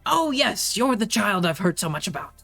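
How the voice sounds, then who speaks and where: An older male stranger speaks politely and hesitantly, as a man puts him on. His pitch sits well above the performer's own voice, with faint music behind. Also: very animated, normal speed, vocal fry, sharp tone, full character voice.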